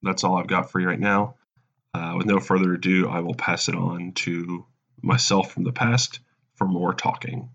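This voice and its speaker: A man co-hosting a casual comedy podcast, talking in a dry, deadpan joking way. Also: sits low, normal speed, creaky. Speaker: podcast co-host. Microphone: headset mic. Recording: dull lo-fi sound.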